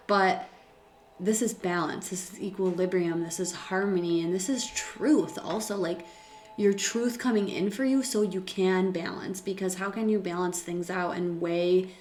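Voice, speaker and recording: Female tarot reader, casual and emotive, lower pitch, roomy home recording. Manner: chatty, filler-heavy, emotional and laughing. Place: room at home by a window.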